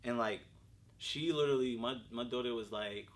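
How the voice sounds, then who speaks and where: A young man hosting a casual podcast chat, telling animated stories and acting out his daughter's lines. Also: mid-range voice, quick pace, gravelly. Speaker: podcast host.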